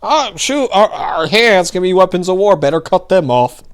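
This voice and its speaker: A man's voice: high voice, expressive, normal speed, clean tone. A male commentary host ranting in a sarcastic, heated, mocking way.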